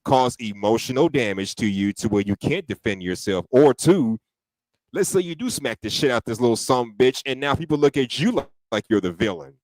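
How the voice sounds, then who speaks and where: A man on a call-in panel, speaking in a measured, reasoning way. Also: medium pitch, lively intonation, darkish tone, no echo, low-quality recording. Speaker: panel guest. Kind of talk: casual chat. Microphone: phone or video call.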